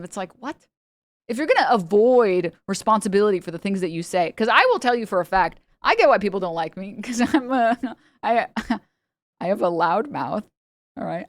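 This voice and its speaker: A woman's voice: mid-range voice, sing-song, normal speed, no echo, clean studio sound. A young woman streamer in casual commentary, rambling and sarcastic, often laughing and putting on mocking voices.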